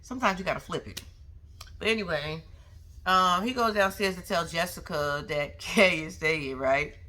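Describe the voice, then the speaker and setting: A woman's voice: lowish voice, moderate pace, sharp tone. A young woman recapping a reality show in a sassy, slangy way, talking back to the people on it and making frequent asides to her viewers. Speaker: vlogger.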